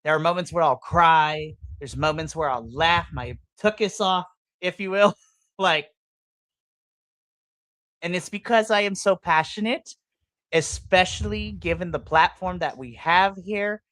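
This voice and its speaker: Animated ranting woman podcast host. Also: on the low side, measured pace, no echo. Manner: animated, ranting, playful exaggerated asides. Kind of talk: casual livestream reaction chat.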